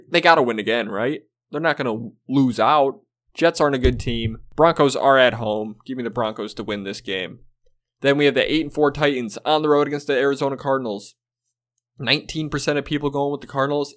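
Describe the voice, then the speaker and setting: Man, casual football predictions, blunt, profane, exasperated, mid pitch. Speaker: sports video host.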